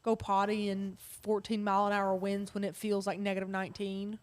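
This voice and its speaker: A woman's voice: medium pitch, completely flat delivery, a little fast. A woman co-hosting a craft livestream, chatting casually and reading viewer comments aloud. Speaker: co-host.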